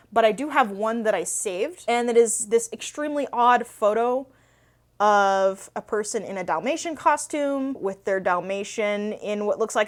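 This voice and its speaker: A young adult woman hosting a book channel, telling stories in a chatty, rambling way full of fillers. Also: a little high. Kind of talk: casual Q&A storytelling.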